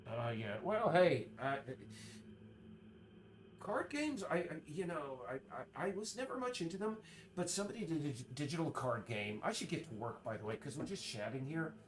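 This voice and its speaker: A man streaming, chatting casually in a rambling, halting way full of restarts while he works. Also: a little high, sing-song, a little hiss or hum. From United States.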